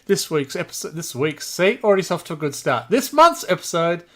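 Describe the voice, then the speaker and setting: A man's voice: fairly high pitch, sing-song, a little fast, few pauses, sharp tone. An Australian man hosting a casual podcast chat, joking and laughing often between remarks. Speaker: podcast host.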